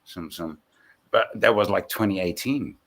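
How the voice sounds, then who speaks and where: Halting man with a low voice. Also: a bit bright. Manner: halting, searches for words with many fillers. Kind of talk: casual chat.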